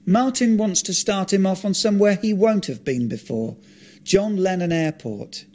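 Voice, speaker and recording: Male author-reader, deadpan delivery, blunt asides, slightly raised pitch. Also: normal speed. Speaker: author narrating his own script. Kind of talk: reading a script aloud, narration and dialogue.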